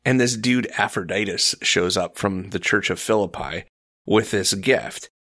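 A man talking through scripture in a relaxed conversation, with a somewhat low but bright, forceful voice. He tells his stories with animation and jumps into the voices of the people he quotes. The sound is close and dry. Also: moderate pace, no room sound. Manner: animated storyteller, acts out quotes. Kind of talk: casual faith discussion.

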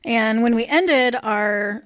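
Woman co-host on a faith podcast, higher voice, asks questions and reacts. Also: takes it slowly, fairly bright tone. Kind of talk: casual faith discussion.

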